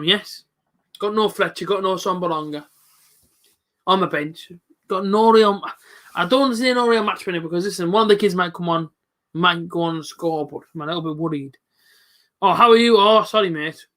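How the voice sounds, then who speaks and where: Bright, high-voiced young English man. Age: late 20s. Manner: chatty, answers viewers by name, colloquial. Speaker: live stream football reaction host. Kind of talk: casual live commentary reading chat.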